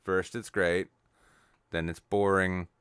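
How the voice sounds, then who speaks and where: A man co-hosting a podcast, rambling through crude jokes with deadpan, self-mocking asides. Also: deep voice, slow, smooth, no room sound, studio quality. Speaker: podcast co-host. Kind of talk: crude comedic banter. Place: studio, live stream.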